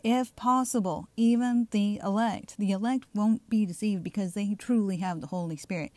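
A fired-up middle-aged woman with a Southern drawl delivers an insistent online sermon, leaning on her points and checking in with the listener again and again. Her voice is mellow and low in brightness, recorded close and dry with almost no room sound. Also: normal speed, no room sound. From Southern United States. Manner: emphatic, keeps asking "okay?". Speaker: online preacher. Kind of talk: fiery religious commentary video.

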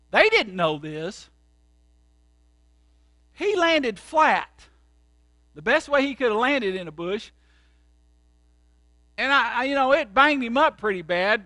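A male pastor with a strikingly high, bright, forceful voice delivers a sermon. He tells his stories dramatically, swinging between loud outbursts and hushed asides. The recording is dry and close, with no room echo. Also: big pitch swings, slow pace, long pauses.

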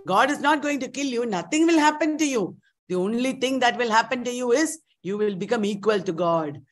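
A smooth-talking serpent, coaxing and persuasive, put on by a woman. It speaks high and eager, pressing its arguments quickly. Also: a bit bright.

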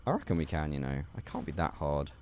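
Young man, gaming host, excitable commentary, animated intonation, casual swearing. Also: rumbling low, fast talker, a little hiss or hum. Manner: excitable, swears and laughs at mishaps. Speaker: gaming YouTuber. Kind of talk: gameplay commentary.

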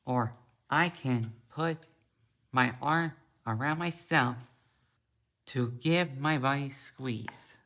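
Man, storybook reader, very slow, halting, a few words at a time, bright tone, mid pitch. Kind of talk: reading a picture book aloud.

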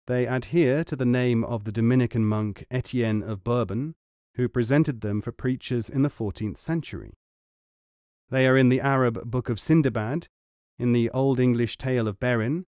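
A man reading a book of world tales aloud in a measured, even storytelling manner. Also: mid-range voice, clear, resonant tone, no room sound, studio quality. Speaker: audiobook reader. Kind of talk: scripted narration.

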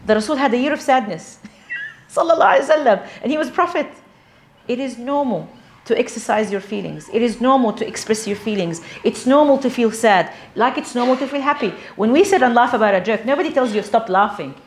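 A woman's voice: fairly high pitch, a little fast, a little hiss or hum. A woman with an Australian accent giving a conversational religious talk to a gathering of women, asking them questions. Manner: conversational, animated, asks the audience questions. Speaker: religious teacher.

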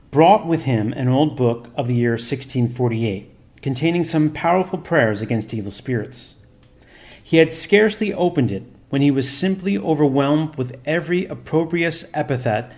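A man narrating a religious history as a storyteller, in a steady, formal reading voice. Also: mid-range voice.

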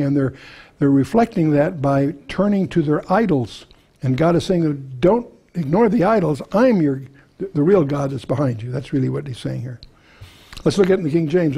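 A man's voice: a little high, mellow, husky. A man teaching a verse-by-verse Bible study, reading scripture aloud and then explaining it, with frequent restarts.

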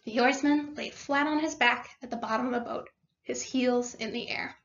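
A woman's voice: a little high, steady tone, moderate pace, fairly bright tone, highs cut off, slight background noise. A woman teacher reading a story aloud to her class, stopping to explain words and what happens. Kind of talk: read-aloud lesson.

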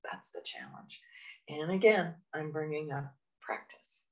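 A woman's voice: sits low, big pitch swings, unhurried, dull audio. A woman from Canada who trains people on phone calls, speaking to a webinar audience in an earnest, encouraging way and often adding "you know". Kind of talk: webinar presentation.

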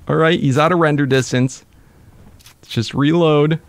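A young man commentating his own gameplay, excitable and quick to break into frustrated outbursts. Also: on the high side. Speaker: let's play gamer.

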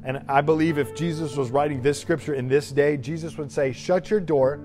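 A man's voice: a little high, fairly even intonation, moderate pace, music in the background. A man in his thirties preaching a sermon as a youth pastor, emphatic with rising bursts of energy.

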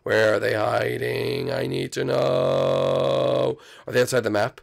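Gravelly, hyped-up male game commentator. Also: medium pitch, takes it slowly. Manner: hyped, teasing, keeps tacking on "baby". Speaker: gaming video host. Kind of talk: excitable let's-play commentary.

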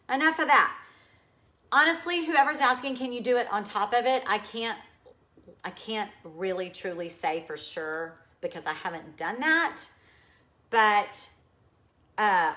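Casting: upbeat Texan woman, bright voice, hosting a live furniture-painting how-to and chatting with viewers. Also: medium pitch, rough recording. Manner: chatty and upbeat, talks while working. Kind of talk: live DIY demonstration, reading viewer comments.

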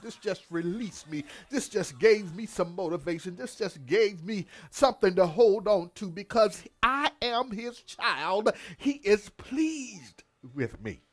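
A man's voice: high voice, a little slow, few pauses. A man pastor delivering a devotional sermon, repeating words and calling out hallelujahs in a preacher's cadence.

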